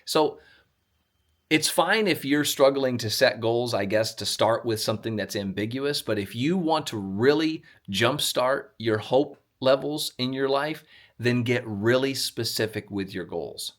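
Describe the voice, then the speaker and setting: A man's voice: medium pitch, lively intonation, unhurried. Dry-humored man giving casual motivational talk. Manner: dry, self-mocking humor. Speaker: motivational video host.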